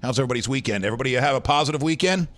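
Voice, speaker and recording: A man's voice: medium pitch, rapid-fire, a bit bright. A man hosting a casual news chat show, rambling through stories with many fillers. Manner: rambling, rough news rundown full of fillers. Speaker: host.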